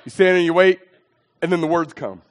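A middle-aged man from southeastern Pennsylvania, an evangelist telling a testimony in a sermon, animated and dramatic, swinging from hushed asides to shouting. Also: on the high side, brisk, a little hiss or hum. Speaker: evangelist preacher.

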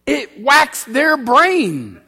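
Male preacher, high lively voice, storytelling sermon, church reverb. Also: extremely slow. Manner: animated, acts out both sides of dialogue. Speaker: street preacher.

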